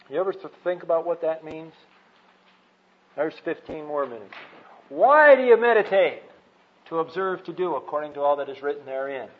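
A man teaching from the Bible, who asks rhetorical questions and answers them himself. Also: a little high. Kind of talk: teaching talk. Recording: dull lo-fi recording.

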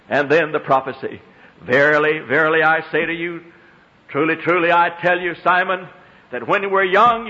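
High-voiced preacher man in a dull echoing hall. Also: pushed and bright. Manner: dramatic swings between low murmurs and high ringing exclamations; old-fashioned scriptural diction, drawing out key phrases. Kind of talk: sermon. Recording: long hall reverb, dull lo-fi sound.

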